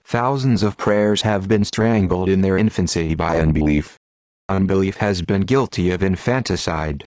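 Low-voiced man preaching a sermon. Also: normal speed, darkish tone, no echo, studio quality. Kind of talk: sermon reading.

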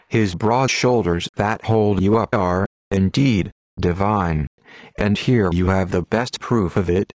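A man's voice: lowish voice, dry recording. A man delivering an old-fashioned sermon in a solemn, declamatory way. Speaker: preacher. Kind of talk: Victorian sermon reading.

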